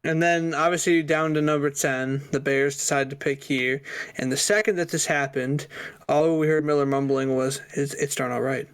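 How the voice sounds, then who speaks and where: A man's voice: fairly high pitch, steady tone, moderate pace, fairly bright tone, clear, resonant tone. A man co-hosting a sports podcast, leading the casual chat with loose, meandering commentary. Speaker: podcast co-host.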